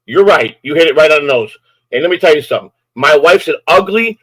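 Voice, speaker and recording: A man's voice: fairly high pitch, lively intonation, quick pace, a bit bright, husky, no echo, low-quality recording. An older man, host of a live stream, ranting angrily and issuing profane, repetitive threats. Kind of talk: angry live-stream rant.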